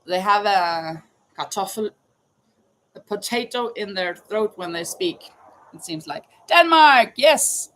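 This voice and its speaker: A woman's voice: medium pitch, expressive, takes it slowly, fairly bright tone, slight background noise, poor audio. A woman hosting a casual live chat, reading trivia questions aloud and greeting viewers by name. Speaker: livestream host running a trivia quiz.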